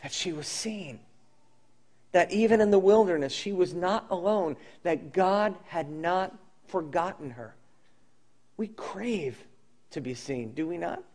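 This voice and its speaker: Male pastor, sermon delivery, high-pitched, earnest storyteller, goes soft and intimate. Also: animated, a little slow.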